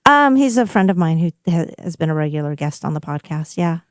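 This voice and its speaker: A woman's voice: deep voice, animated, brisk, no echo, clean studio sound. Giggly, easygoing female radio guest. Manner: easygoing, giggly, plays along. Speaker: guest musician and podcaster. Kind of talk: casual live radio interview.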